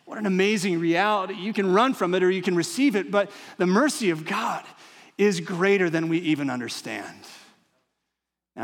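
Emphatic high-voiced male preacher. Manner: emphatic, dramatic, conversational asides. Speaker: pastor. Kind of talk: sermon. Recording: long hall reverb.

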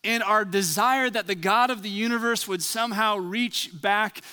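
A man's voice: sits high, normal speed, pushed and bright, smooth, long reverb tail. A man preaching as a pastor, praying and then telling a story in an earnest, reflective way. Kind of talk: sermon.

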